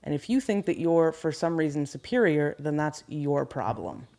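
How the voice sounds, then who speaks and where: A woman's voice: low voice, expressive, normal speed, dark tone. Woman who owns a carpentry business, blunt and chatty, guest on a podcast at a table with the hosts. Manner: frank, storytelling, laughs easily. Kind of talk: casual podcast chat.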